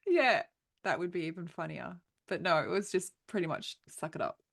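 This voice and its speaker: Chatty podcast host woman, lowish voice. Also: lively intonation, normal speed, creaky, a bit bright. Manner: chatty, laughs while telling stories. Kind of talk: casual conversation.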